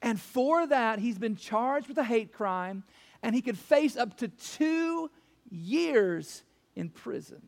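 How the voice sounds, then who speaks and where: A male pastor preaching a sermon to his church, emphatic, repeating key phrases and rising to near-shouts on his main points. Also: very high voice, lively intonation, takes it slowly, gravelly.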